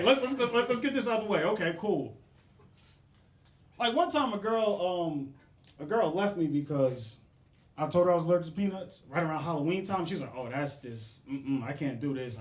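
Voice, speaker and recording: High, animated young comedian in roomy club. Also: male voice. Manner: profane, riffing, laughing at his own jokes. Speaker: stand-up comedian. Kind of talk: stand-up set with crowd work.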